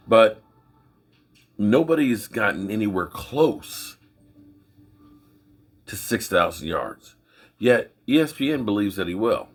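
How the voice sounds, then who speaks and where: A middle-aged man hosting his own sports channel, giving folksy, opinionated commentary in a rambling, casual way with a husky voice. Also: lowish voice, lively intonation, slow pace, pauses often.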